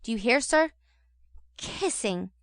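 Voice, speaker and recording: A woman's voice: a little high, lively intonation, slow, dry recording, studio quality. Woman doing a blustering pompous beadle. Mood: stern. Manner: blustering, scolding, moralizing. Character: pompous indignant male parish beadle.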